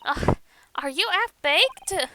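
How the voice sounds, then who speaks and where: A woman's voice: a little high, measured pace, pushed and bright, a little hiss or hum. A woman voicing a defiant young pickpocket, sneering and scoffing. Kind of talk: game dialogue read aloud.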